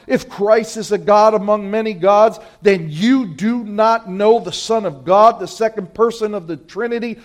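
A man preaching a sermon, swinging between loud emphatic appeals and quiet, dropped phrases, and urging his listeners directly. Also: sits high. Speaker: pastor.

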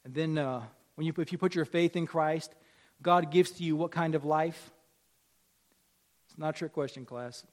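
High-voiced man in his forties preaching. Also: normal speed, pauses often. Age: 40s. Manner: conversational preaching, repeats phrases, rises in emphasis. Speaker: pastor. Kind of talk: sermon.

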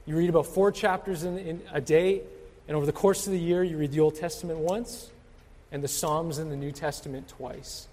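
A man's voice: on the high side, steady tone, a little fast, darkish tone. A man preaching a sermon in an earnest, exhorting way, repeating his key points to the congregation. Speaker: pastor. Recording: reverberant hall.

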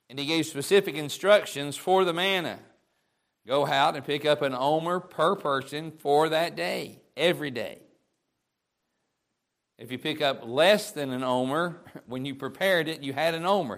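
A preacher gives an informal, homespun sermon in a folksy, conversational way, as if talking across a kitchen table. His voice is medium-pitched and unhurried at an ordinary pace, and he circles back and stumbles over repeated words when restarting a thought.

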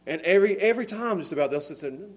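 A man preaching a sermon to a congregation in church, with a repetitive, emphatic cadence, swinging from hushed low tones to shouted emphasis. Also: lively intonation, very fast, a little hiss or hum. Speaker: pastor. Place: church service before a congregation.

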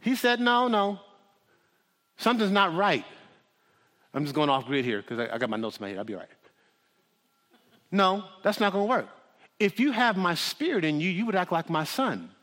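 A man preaching a sermon as a pastor, dramatic, swinging from loud pleading to hushed near-whispers. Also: fairly high pitch, big pitch swings, brisk. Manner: dramatic, shifts from shouting to hushed. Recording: long hall reverb.

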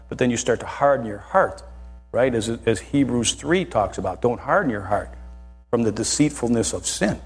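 Male preacher, husky and animated, sermon delivery, faint music bed. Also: medium pitch. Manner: animated, keeps asking "right?".

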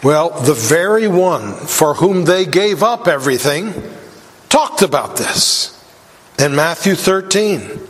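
A man preaching a sermon in a high, measured voice that takes its time over every phrase. He grows emphatic, and his voice lifts when he reads scripture aloud. The sound rings with a long hall reverb. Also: fairly bright tone. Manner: deliberate, emphatic with rising intensity on quoted scripture.

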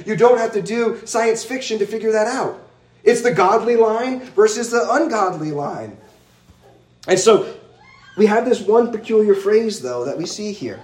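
A man's voice: high voice, a little mellow, reverberant. A male pastor preaching an expository sermon in an earnest, emphatic way, stacking lists of words one after another.

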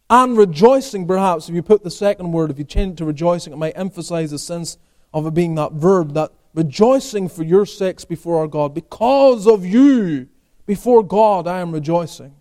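High-voiced man preaching a sermon. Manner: preaches with rhetorical questions, rising emphatically then dropping quiet. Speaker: pastor.

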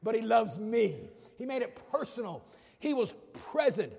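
A man's voice: very high voice, big pitch swings, normal speed, vocal fry, a little mellow, breathy edge, long reverb tail. A man preaching a sermon as a pastor, impassioned, with humorous asides.

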